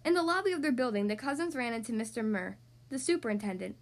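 A woman narrating a children's storybook aloud with expressive, clear delivery. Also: a little high, fast.

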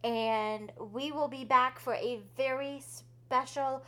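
A young woman co-hosting a book podcast, joking, swearing freely and reacting quickly. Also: high-pitched, steady tone, a bit bright. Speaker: podcast co-host. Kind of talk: casual book podcast chat.

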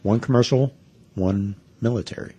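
A man's voice: lowish voice, moderate pace, warm tone, breathy edge. A man co-hosting a podcast, dry and matter-of-fact, reading out news reports between casual chat. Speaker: podcast co-host.

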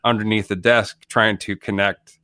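A man's voice: lowish voice, flat delivery, normal speed, sharp tone, a little hiss or hum. A man co-hosting a podcast, chatting casually and jokily about a movie, rambling with many restarts. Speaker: podcast co-host. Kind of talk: casual comedic movie chat.

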